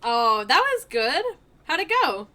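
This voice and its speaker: At a measured pace and in a slightly high voice, a woman streamer gives lively, playful commentary on her game. She laughs often and trash-talks the people she's playing against.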